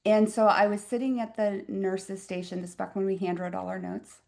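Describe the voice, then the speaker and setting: A woman physician in her fifties, a podcast guest telling a personal story in a reflective, expressive way with wry asides. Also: mid-range voice, moderate pace, vocal fry. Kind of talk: conversational interview storytelling.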